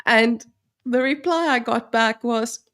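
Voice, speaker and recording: A co-host with a South African Afrikaans accent tells stories in a casual chat, laughing a lot and tossing in quoted asides. Her voice is a little high and a bit bright, and she speaks slowly with a giggly storytelling manner.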